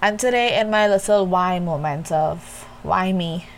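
On a reflective faith podcast, a woman host speaks candidly and conversationally to her listeners, calling them "y'all." Her voice is lowish and expressive at a normal speed, and the low-quality recording carries slight background noise.

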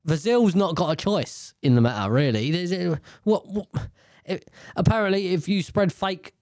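A man's voice: mid-range voice, sing-song, fairly quick, darkish tone, no echo, clean studio sound. A man in casual, rambling commentary on the news, swearing freely and often correcting himself.

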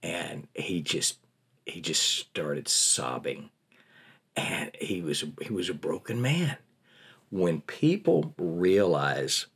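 With a deep voice carrying a breathy edge, an older prison ministry volunteer recounts personal stories during an interview. His telling is folksy and full of animation.

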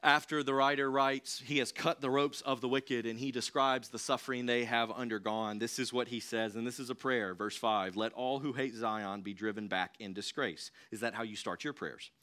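A young man preaching a sermon in a church, in a conversational, animated way. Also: medium pitch, normal speed, hardly any pauses, clean tone. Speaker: pastor. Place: church sanctuary.

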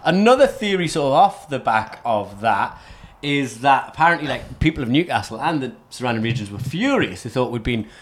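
A man's voice: medium pitch, very animated, brisk, slight background noise. A man from North East England hosting a casual history podcast, rambling and often correcting himself. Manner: rambling, many restarts and self-corrections. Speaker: podcast host.

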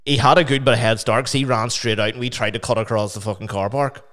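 A man's voice: mid-range voice, fairly even intonation, fast talker, fairly bright tone. A man with a Northern Irish accent hosting a casual chat, telling sweary anecdotes with laughter.

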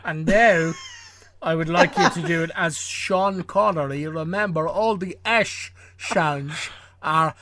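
A man's voice: a little high, slow, bright, forceful tone, slight background noise. A man co-hosting a podcast, bantering playfully and teasing his co-host. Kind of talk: casual comic banter.

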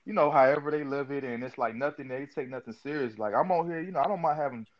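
A man's voice: medium pitch, quick pace. A man hosting a podcast, chatting in a laid-back way with lots of fillers. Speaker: podcast host. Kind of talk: casual chat. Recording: dull lo-fi audio.

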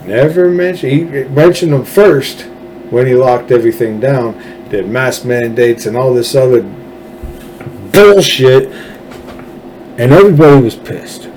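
A man's voice: medium pitch, moderate pace, a little mellow, slight background noise, rough recording. A Texan man hosting his own show, ranting about politics in an angry, profane, sarcastic way. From Texas. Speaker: political commentary host. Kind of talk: ranting solo commentary.

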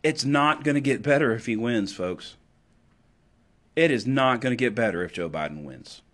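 A man delivering an impassioned political monologue, emphatic and sarcastic, swinging between loud declarations and low asides. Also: expressive, normal speed. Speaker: political commentator.

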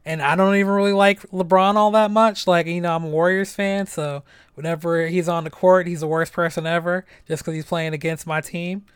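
A man's voice: sits high, fairly even intonation, fairly quick, clean tone, dry recording, clean studio sound. A young man hosting a casual solo podcast, loose and chatty with lots of fillers and swearing. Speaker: podcast host.

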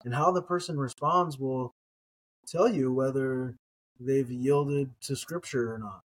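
A man's voice: medium pitch, fairly even intonation, unhurried, poor audio. Man telling a story with rhetorical questions. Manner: conversational, telling an anecdote with repeated rhetorical questions. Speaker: biblical scholar co-host. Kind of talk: bible study discussion.

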